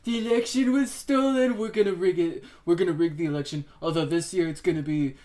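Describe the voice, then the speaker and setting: Streamer doing a brash old politician, loud, repetitive bragging. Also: medium pitch, a little fast, voice pushed up, close to an everyday voice. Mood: mocking. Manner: loud rambling boasts, repetitive. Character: blustering older male politician, boastful.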